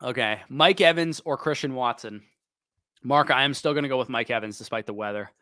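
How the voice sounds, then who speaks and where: A man hosting a livestream Q&A, quickly reading off player choices and picking one, while he is losing his voice. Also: mid-range voice, bright, forceful tone, dry recording. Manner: quick, listing names then picking one. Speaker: fantasy football show host. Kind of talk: livestream Q&A, rapid-fire start/sit answers.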